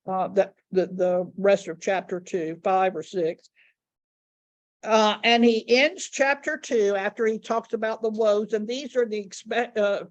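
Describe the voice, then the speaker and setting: Leading a Bible study, this woman speaks in a somewhat high voice, taking her time and repeating important words to drive them home.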